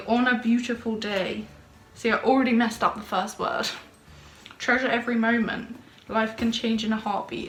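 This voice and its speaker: A woman's voice: a little high, a little fast, fairly bright tone. Bubbly young woman vlogging in a roomy bedroom. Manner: bubbly, gushing and chatty. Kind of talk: casual vlog chat. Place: bedroom at home. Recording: roomy home recording with faint noise.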